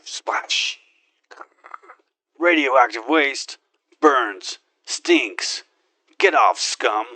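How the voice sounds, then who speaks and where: A man's voice: mid-range voice, lively intonation, drawn-out words, long pauses, sharp tone, exaggerated voice. A man voicing a cocky, gun-loving male space marine hero who brags, wisecracks and makes his own gun sound effects in an in-character game monologue.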